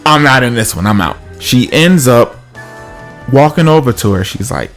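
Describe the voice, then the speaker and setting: A man's voice: mid-range voice, expressive, moderate pace, a bit bright, soft background music. A man casually telling a comic personal story, acting out the other people's voices.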